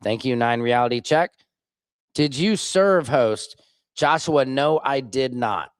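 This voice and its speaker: A Missouri man hosting a live stream takes it slowly, his mid-range voice smooth on a dry recording. He reads viewer comments, responds bluntly and sarcastically, and reacts loudly to clips.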